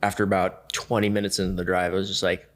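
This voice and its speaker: A man telling a story as a podcast guest, lively and acting out the other people in it. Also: low-pitched, fast talker. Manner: lively, acts out the other people in his stories. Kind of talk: casual storytelling.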